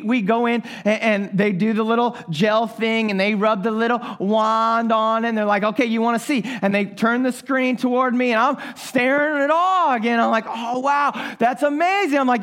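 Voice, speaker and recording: Animated high-voiced male pastor. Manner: animated storytelling, acting out his own reactions. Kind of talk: sermon.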